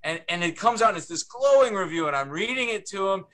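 A man, a book's co-author, telling an anecdote on a panel with an animated, chatty delivery. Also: sits high, fast talker. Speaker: book co-author.

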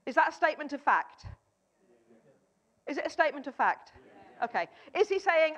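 A woman preaching an energetic sermon at a church gathering, firing questions at the congregation and urging them to answer. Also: sits high, moderate pace, long pauses. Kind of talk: lively interactive sermon. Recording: dull lo-fi sound.

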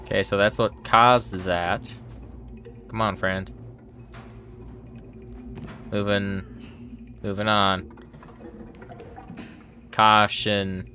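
A man with a bright, sharp voice commentates a horror game at an unhurried pace. He talks to the characters on screen and yelps and swears whenever something startles him. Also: fairly low pitch, flat delivery, soft background music. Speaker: let's play gamer.

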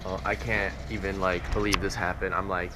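A man's voice: sits low, a little fast. Profane, rambling young man vlogging. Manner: profane, rambling, excitable ranting. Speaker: travel vlogger. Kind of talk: casual vlog talk to camera. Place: outdoors and in cafes while traveling. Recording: noisy outdoor camera audio.

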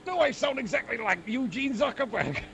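A man with a put-on Scottish accent and a high-set, gravelly voice. He trades exclamations and curses in loose role-play banter. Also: animated, a little fast, a bit bright, muffled recording, slight background noise.

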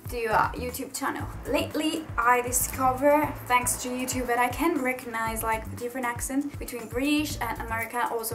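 Italian woman, chatty and fairly high. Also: low-quality recording. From Italy. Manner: chatty, eager, self-deprecating. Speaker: YouTuber. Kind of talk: casual explainer vlog.

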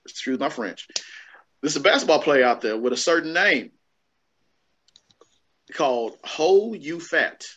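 A man's voice: medium pitch, animated, measured pace, long pauses, fairly bright tone. A man, co-hosting a casual chat show in a laid-back, drawling way. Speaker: podcast co-host. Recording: dull lo-fi sound.

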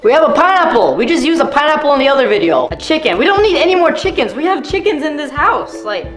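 Casual female vlogger, animated delivery, echoey room, background music. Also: high-pitched, quick pace. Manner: excitable, swings between whiny disappointment and squealing excitement. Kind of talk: casual unboxing vlog.

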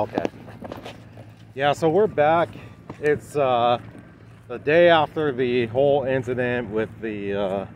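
A man's voice: medium pitch, a little mellow, slight background noise. Rambling man vlogging at a dog park. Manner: rambling, lots of "anyhow" and "uh". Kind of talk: casual vlog to camera.

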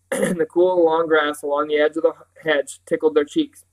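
A man with a fairly high voice reads a novel aloud in a measured, expressive storytelling manner. He carries the narration steadily from scene to scene. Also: low-quality recording. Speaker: audiobook reader.

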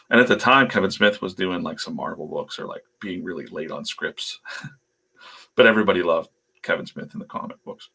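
A man telling casual, rambling stories while he hosts a livestream. His low voice is husky and gravelly, with a bright edge, and he laughs and swears as he talks. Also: sing-song, normal speed. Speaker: comic artist and channel host.

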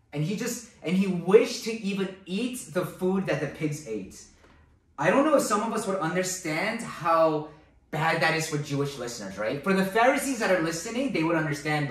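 A man preaching a sermon in an animated way, often adding "right?" to his points. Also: high voice. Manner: animated, acts out quoted voices with many "right?" tags. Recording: echoey hall, voice from far off.

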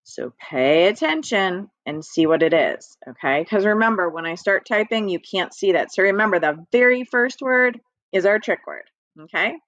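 A woman's voice: medium pitch, animated, normal speed, fairly bright tone, no room sound. A woman teaching an early-reading lesson to young children in a patient, encouraging way, speaking directly to her students. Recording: dry, slightly dull lo-fi audio.

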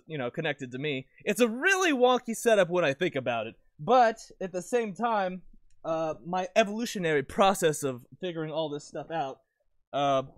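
A man with a fairly high voice talks through his gear in a loose, rambling way, correcting himself often. He breaks into sudden bursts of excitement now and then. He wears a lavalier mic in his room, and the sound is dry with no echo. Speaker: video creator. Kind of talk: casual gear talk to camera.

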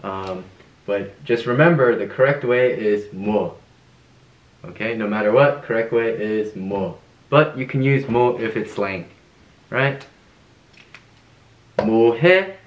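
A man's voice: fairly low pitch, highs cut off. Upbeat man teaching in an echoey room. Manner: upbeat and playful, laughs often, repeats phrases slowly. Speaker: Korean language teacher. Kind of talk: casual video lesson.

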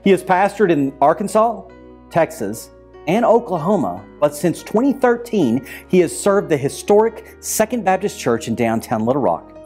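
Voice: mid-range voice, sing-song, moderate pace, warm tone, soft background music. A speaker giving a polite, formal introduction of a guest pastor.

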